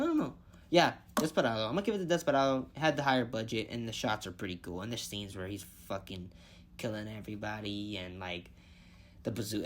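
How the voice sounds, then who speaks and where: A man's voice: mid-range voice, a little hiss or hum. A man giving a casual movie review vlog, rambling and thinking aloud, swearing freely as he picks his favorites.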